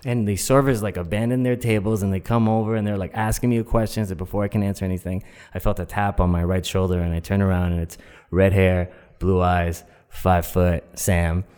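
A young man with a fairly low voice tells a personal story in a loose, casual way. He rambles and fills every gap with "like" and "um". He keeps the tale moving without polish. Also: fairly even intonation, fairly quick, a little mellow, clean tone, big-room sound. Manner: rambling, heavy on "like" and "um" fillers. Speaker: storyteller guest.

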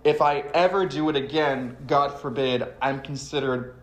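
A man in his thirties chatting as a podcast guest, animated and full of swearing, jumping into high loud voices when he mocks what people say. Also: normal speed. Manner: animated, swears often, goes high and loud for mocking quotes. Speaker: guest, writer and actor. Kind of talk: casual podcast chat. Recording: echoey room.

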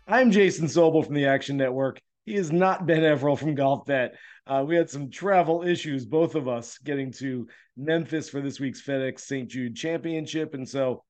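A man's voice: mid-range voice, normal speed, a little mellow. A man hosting a golf betting podcast, talking through his picks in an easygoing, conversational way with frequent "uh" fillers. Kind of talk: casual podcast talk giving betting picks.

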